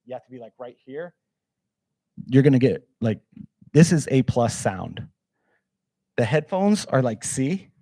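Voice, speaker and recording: A man leads a workshop in a loose, energetic way, holding up gear as he talks and leaning on fillers. His voice is warm and mellow and sounds close and dry. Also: mid-range voice, dry recording. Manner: casual, energetic, demonstrates gear, many fillers. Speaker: workshop presenter. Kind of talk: live workshop talk.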